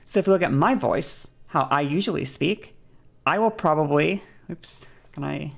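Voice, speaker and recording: Woman, deep for a woman, casual stream explainer, bouncy, swears. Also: normal speed, vocal fry. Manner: bouncy, varied pitch and shifting pace.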